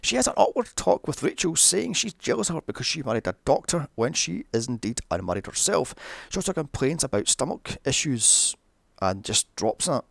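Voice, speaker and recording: A man's voice: mid-range voice, very animated, a little fast, gravelly, no room sound. A man narrating a sarcastic movie recap, full of profane, mocking asides. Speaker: film recap commentator.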